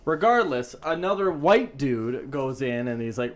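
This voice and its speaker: A man's voice: medium pitch, very animated, measured pace. A man co-hosting a podcast in casual, crude chat, rambling and swearing often, with frequent laughs. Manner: rambling, profane, laughs a lot. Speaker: podcast co-host.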